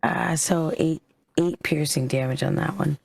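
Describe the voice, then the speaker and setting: A woman's voice: low voice, steady tone, a little slow, vocal fry, a little mellow, slightly rough, no room sound, clean studio sound. A woman playing a tabletop game, chatting casually and sounding unsure as she searches her notes and trails off mid-thought.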